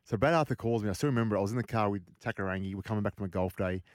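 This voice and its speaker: An Australian man hosting a podcast, telling sports anecdotes in a lively, animated way. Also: lowish voice, racing, no echo, clean studio sound. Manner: animated anecdote teller, mimics voices. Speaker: podcast host. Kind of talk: casual storytelling chat.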